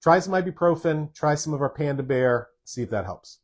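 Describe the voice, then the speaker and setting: A man's voice: a little high, animated, fairly quick. A man, a doctor hosting a live stream, casually answers viewer questions and stresses points by repeating words.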